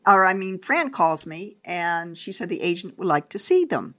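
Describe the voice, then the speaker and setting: An older woman, a guest in an interview, telling a family story in a lively way and acting out what people said. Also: on the low side, moderate pace. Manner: animated storyteller, acts out quotes.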